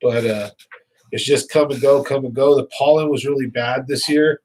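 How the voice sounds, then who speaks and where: A man's voice: mid-range voice, fairly even intonation, normal speed, darkish tone. Chatty congested man live-streaming. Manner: chatty, rambling, laughs often. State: slightly congested with sinus trouble. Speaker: fishing channel host. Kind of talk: casual live stream chat with viewers.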